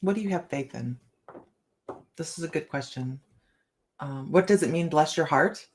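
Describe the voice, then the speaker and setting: A woman's voice: low voice, moderate pace. A middle-aged woman hosting a casual live chat, reading cards and talking to viewers by name, laughing often. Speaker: livestream host reading tarot cards.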